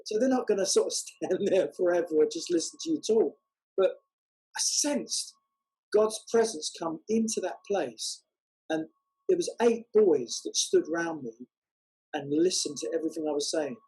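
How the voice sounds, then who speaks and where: A man telling a testimony story as a guest, unhurried and halting with many fillers. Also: high voice, sing-song, dark tone, slightly rough, poor audio. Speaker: guest, walking evangelist.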